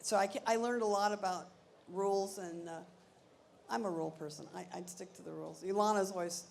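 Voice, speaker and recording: An older woman being interviewed on stage, telling lively stories and acting out the voices of the people she quotes. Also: medium pitch, a little fast, vocal fry, slight background noise. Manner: animated, acts out quoted voices. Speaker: interview guest. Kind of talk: anecdotal storytelling on stage.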